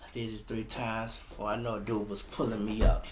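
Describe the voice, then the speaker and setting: A man casually telling a story to his listeners, animated and profane, often calling them y'all, speaking at his computer setup. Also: lowish voice, fairly quick, background noise.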